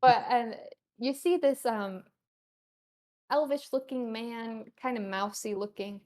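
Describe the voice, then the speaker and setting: Lady gm describing the scene, kinda high voice, lots of ums and pauses. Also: darkish tone. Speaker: game master. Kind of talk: narrating a tabletop game.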